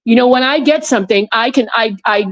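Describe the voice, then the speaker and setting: Woman, interview guest, slightly high pitch, rambling, restarts often, video call audio. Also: a little fast. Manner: rambling, frequent restarts and repeated words; animated when recounting her friends' words. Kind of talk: casual storytelling interview.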